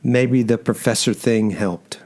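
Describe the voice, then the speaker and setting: Guy reading a first-person story out loud, measured and even, mid-pitch voice. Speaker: narrator. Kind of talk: first-person audiobook narration.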